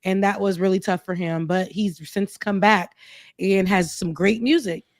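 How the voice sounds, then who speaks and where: A woman's voice: mid-range voice, steady tone, a little slow. A woman co-hosting a casual talk show, speaking earnestly and reflectively, rambling a little as she thinks aloud. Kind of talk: casual chat.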